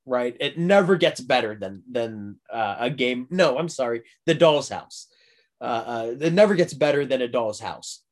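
A man's voice: mid-range voice, expressive, moderate pace. A young man in casual podcast chat, rambling through a story with many fillers and frequent laughs.

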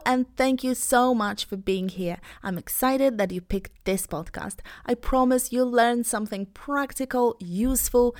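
Upbeat Polish woman teaching pronunciation. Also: mid-range voice. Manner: upbeat, clear, deliberate modelling of sounds. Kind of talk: podcast lesson.

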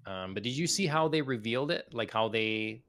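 A man co-hosting a gaming podcast, talking in a relaxed, rambling way with many fillers. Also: medium pitch, brisk. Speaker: podcast co-host. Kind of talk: casual gaming chat.

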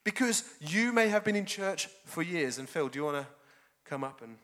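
A man preaching a sermon as pastor, animated and jokey. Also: on the high side, moderate pace. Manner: animated, jokey, laughs often.

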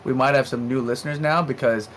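A man co-hosting a casual gaming podcast, chatty and quick to laugh. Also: medium pitch, fairly even intonation, fairly bright tone, slight background noise. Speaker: podcast co-host.

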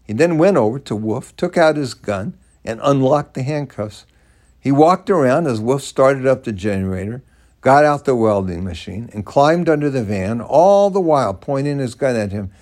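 An older man telling a first-person story aloud in an animated, dramatic way. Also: medium pitch, moderate pace.

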